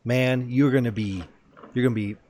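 A man's voice: mid-range voice, fairly even intonation, normal speed, a little mellow. A man hosting a casual gaming chat, playful and hyping up his guest. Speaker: podcast host.

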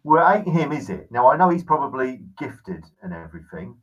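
A man voicing a gruff, blunt male pirate captain who talks roughly and drops his words. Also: medium pitch, very animated, a little fast, far from the mic, lo-fi sound, voice pushed up.

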